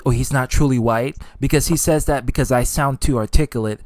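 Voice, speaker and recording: A man's voice: mid-range voice, a little fast, a little mellow, dry recording, studio quality. A man with a New York accent in casual group chat, wry and questioning.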